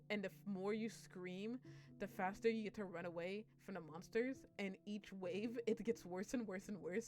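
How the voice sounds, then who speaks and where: A young woman streamer chatting casually on a live stream, rambling, swearing and laughing as she talks. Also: mid-range voice.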